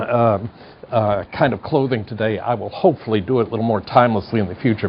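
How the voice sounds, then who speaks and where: A man's voice: medium pitch, breathy edge. A man in his sixties with a General American accent and a slight Midwestern twang, giving a university psychology lecture in a wry, chatty, digressive way. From United States. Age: 60s. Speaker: psychology professor. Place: studio classroom. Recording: dull lo-fi lecture tape.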